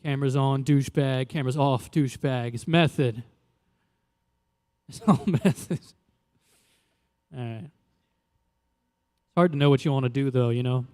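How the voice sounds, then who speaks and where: A young adult man from Louisiana doing a stand-up comedy set in a loose, conversational way, jumping into animated quoted voices. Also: medium pitch, a little slow, pauses often, clear, resonant tone, in a large hall. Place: live comedy venue.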